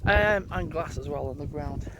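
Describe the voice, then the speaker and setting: A man's voice: on the high side, moderate pace, noisy background. Chatty man vlogging on a walk. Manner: rambling, chatty, thinking aloud. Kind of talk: casual walking vlog. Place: outdoors on a country road, walking dogs.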